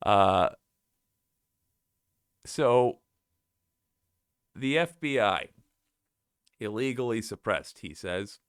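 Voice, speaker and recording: A man hosts political commentary in a sarcastic, scoffing way, reading quotes aloud and picking them apart. His voice sits low and sounds smooth and clear. The recording is dry and close. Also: animated, very slow, pauses often, dry recording. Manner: sarcastic, scoffing, frequent laughs.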